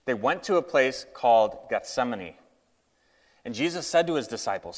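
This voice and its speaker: A man gives a relaxed, conversational sermon and slips into the voices of the people he quotes. His speech is full of fillers. It is recorded in a hall with a long, ringing reverb. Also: medium pitch, moderate pace. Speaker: preacher. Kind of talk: casual sermon.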